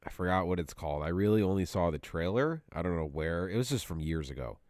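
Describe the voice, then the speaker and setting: A man's voice: sits low, lively intonation, quick pace, darkish tone, no echo, studio quality. A man co-hosting a casual podcast chat, telling rambling, profane stories and laughing often. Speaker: podcast co-host.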